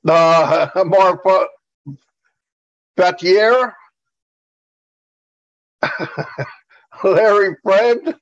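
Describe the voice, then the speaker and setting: A man co-hosting a livestream, relaxed and friendly, greeting viewers one by one. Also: high-pitched, extremely slow, long pauses, dull audio. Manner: relaxed, friendly, reads out names. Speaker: co-host.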